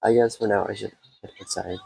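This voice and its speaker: A man streaming a game, reading its text aloud in a subdued way and breaking off for quick comments. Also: lowish voice, fairly even intonation, gravelly, darkish tone, slight background noise, poor audio.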